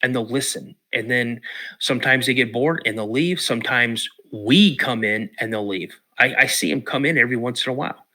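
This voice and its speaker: A man acting out his brother's calm, matter-of-fact account in a spoken story. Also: medium pitch, brisk. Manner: calm, stone-faced.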